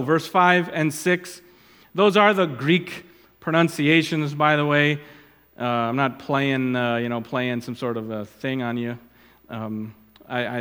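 Conversational pastor preaching in an echoing hall. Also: male voice, mid-range voice, fairly bright tone. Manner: conversational, digressive, trails off into asides. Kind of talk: sermon.

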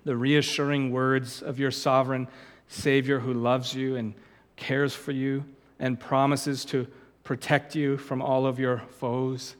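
A man's voice: mid-range voice, little pitch movement, measured pace, in a large hall. A man preaching a sermon, emphatic and earnest, repeating words as he presses his points and rising to sudden outbursts. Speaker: pastor.

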